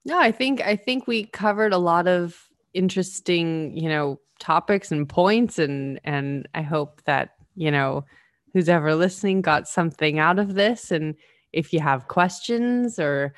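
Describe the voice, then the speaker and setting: Canadian woman with a very low voice. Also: animated, a little slow, no echo, clean studio sound. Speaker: podcast co-host. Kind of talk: casual chat.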